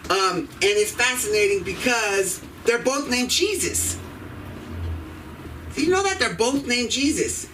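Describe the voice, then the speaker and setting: A man with a high, bright voice doing a rambling, irreverent stand-up routine full of profanity. He sounds set back from the microphone, with a faint hum of room ambience behind him. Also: lively intonation, a little slow, far from the mic, low-quality recording. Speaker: stand-up comedian. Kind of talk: open mic stand-up set. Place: comedy club stage.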